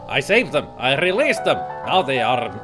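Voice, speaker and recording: A man voicing a deranged murderer who insists he saved his victims, speaking loud and fervent while reading game dialogue aloud. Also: mid-range voice, sing-song, moderate pace, over music, lightly acted, poor audio. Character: deranged male murderer defending his killings.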